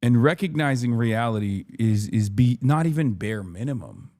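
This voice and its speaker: A man's voice: mid-range voice, expressive, moderate pace, a little mellow. A man hosting a livestream, ranting in frustrated, profane political commentary. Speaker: livestream host.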